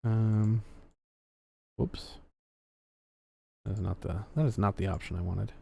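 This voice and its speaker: A man's voice: on the low side, fairly even intonation, takes it slowly, gravelly, warm tone, breathy edge. A man hosting a casual livestream, reading viewer messages aloud with sarcastic, swearing commentary. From Canada. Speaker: livestream host.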